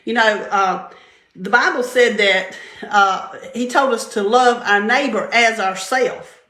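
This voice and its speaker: A woman's voice: fairly high pitch, slow pace, bright, forceful tone. An older woman giving a casual devotional talk, chatty and storytelling, laughing often. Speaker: vlogger sharing faith-based encouragement. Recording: roomy echo.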